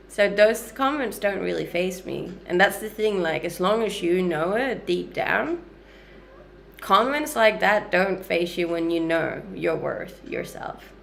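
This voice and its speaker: A woman's voice: fairly low pitch, animated, slow, vocal fry, a little hiss or hum. A woman in her thirties with a mixed Danish, Canadian and Australian accent, chatting upbeat with viewers on a livestream from her kitchen. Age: 30s. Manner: upbeat, chatty, frequent light laughs. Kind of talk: casual livestream chat answering viewer comments. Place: home kitchen.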